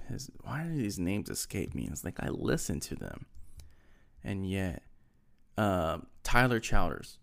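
A man's voice: sits low, creaky. A young man chatting casually on his own, rambling, often losing names mid-thought and filling gaps with ums and likes. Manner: rambling, loses names, many fillers. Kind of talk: casual solo chat.

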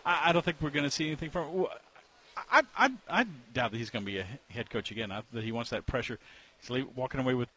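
A man talking as a sports columnist in a relaxed conversation, offering candid opinions. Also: medium pitch, fast. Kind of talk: casual conversation as a guest.

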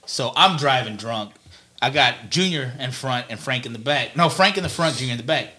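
A man's voice: mid-range voice, expressive, a little fast, bright, forceful tone. A young man from Texas in casual chat, telling a long story and checking in with his listeners constantly.

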